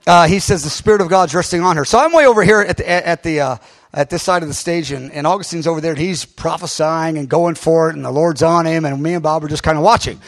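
A male pastor telling a story to his congregation, animated, with many fillers and restarts and sudden loud bursts. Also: a little high, fast. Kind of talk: sermon storytelling.

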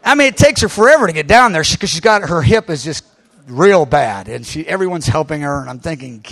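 Animated storytelling male pastor. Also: a little high, fairly quick. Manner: animated, lots of fillers and restarts, bursts into shouting. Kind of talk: sermon storytelling.

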